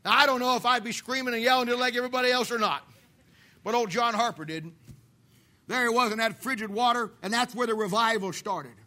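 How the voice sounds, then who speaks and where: A preacher man delivering a fiery sermon, swinging between loud shouts and hushed asides. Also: very high-pitched, brisk.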